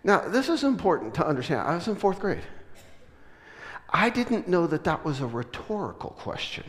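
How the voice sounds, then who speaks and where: High-voiced preacher man in a big hall. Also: normal speed. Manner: animated, joking, with laughs and sudden loud preaching. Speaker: pastor. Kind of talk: sermon with storytelling. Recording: long reverb of a large hall.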